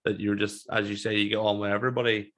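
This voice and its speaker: A man's voice: on the low side, flat delivery, quick pace, fairly bright tone. A man hosting a podcast, chatty, laughing often and swearing casually. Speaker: podcast host. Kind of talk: casual chat.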